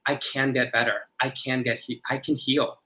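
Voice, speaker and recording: A man's voice: mid-range voice, little pitch movement, moderate pace, bright, forceful tone, rough recording. A man who is a podcast guest, earnestly explaining ideas and often restarting his phrases. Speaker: podcast guest, ritual designer.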